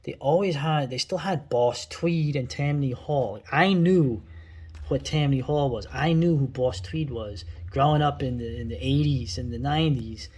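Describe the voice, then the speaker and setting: A man's voice: medium pitch, moderate pace, a little mellow, slightly rough. A man in his forties with a New York accent, talking through old cartoons in a rambling, blunt way full of asides and tag questions. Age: 40s. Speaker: video host. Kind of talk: casual commentary.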